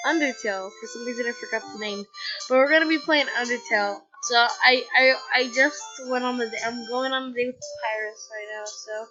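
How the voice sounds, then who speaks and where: A woman hosts casual gameplay commentary in a hushed, giggly way, trying to stay quiet at night. Her voice is high and bright. The sound is muffled, with faint game music behind. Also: fairly quick. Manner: soft-spoken, giggly, hushed so as not to be loud at night. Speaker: gaming channel host. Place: home at night.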